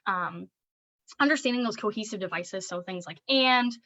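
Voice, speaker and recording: A young adult woman, a speech-language pathologist, gives a relaxed lesson for parents on early reading. She talks through ideas with plenty of "um"s and turns lively and singsong when she reads from a children's book. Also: medium pitch, moderate pace, muffled recording, slight background noise.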